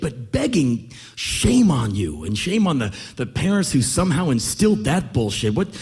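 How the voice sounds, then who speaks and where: Intense, swearing spoken-word ranter. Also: male voice, medium pitch, huge pitch swings, moderate pace, a little mellow, breathy edge, faint music behind. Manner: intense, profane, emphatic.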